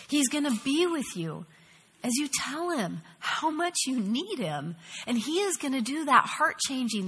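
A middle-aged woman teaching a women's Bible study, earnest and animated, acting out prayers as she goes. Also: fairly high pitch, slightly rough, in a large hall. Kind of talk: devotional teaching.

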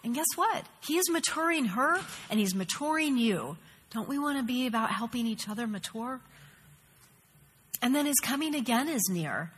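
Woman, middle-aged, Bible study teacher, earnest, animated, bright tone, echoing hall. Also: a little high, normal speed, slightly rough. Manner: earnest and animated, acts out prayers. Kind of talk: devotional teaching.

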